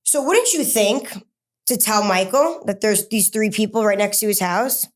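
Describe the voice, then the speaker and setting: A woman speaking at an ordinary middle pitch tells her own story as an interview guest. She stumbles through fillers and restarts, then hurries into quick bursts of words. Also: animated. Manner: halting, many fillers and restarts. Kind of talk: personal story told in an interview.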